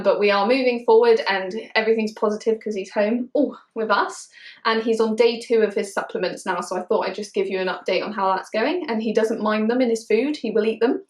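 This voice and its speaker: A woman from the UK who owns dogs, chatting casually to camera, laughing often and slowing down to stress her points. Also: medium pitch, steady tone. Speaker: dog owner vlogger. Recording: echoey room.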